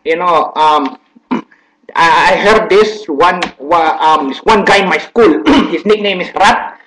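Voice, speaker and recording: A man's voice: a little high, pushed and bright, a little hiss or hum. A man putting on a rambling Filipino-accented guy. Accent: put-on Filipino accent. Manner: rambling, halting, full of fillers. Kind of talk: comedic accent impression. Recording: echoey room.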